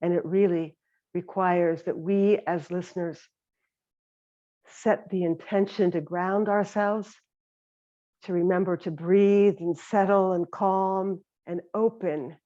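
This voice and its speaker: A woman meditation teacher giving a gentle, reflective talk on compassionate listening. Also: fairly low pitch, steady tone, slow pace. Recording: slightly dull lo-fi sound.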